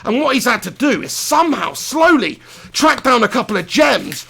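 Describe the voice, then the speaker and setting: A man's voice: very high-pitched, big pitch swings, moderate pace, gravelly, pushed and bright, husky. A man hosting a football live stream from a small home studio, talking passionately, swearing freely and reading out viewer messages. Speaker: live-stream host reacting to a football match. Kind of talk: live-stream chat and fan rant.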